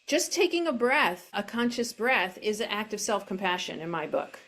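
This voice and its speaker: A middle-aged woman coach speaking gently and reflectively as an interview guest, over a video call from home. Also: mid-range voice, sing-song, normal speed. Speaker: self-compassion coach. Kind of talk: interview guest, casual explanation.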